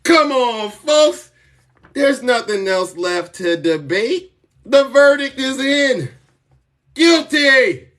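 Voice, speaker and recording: Boastful, high-voiced male live streamer. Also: animated, slow pace, far from the mic, faint music behind. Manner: boastful, theatrical, rising to shouts. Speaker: political commentary streamer. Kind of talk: live-stream political commentary.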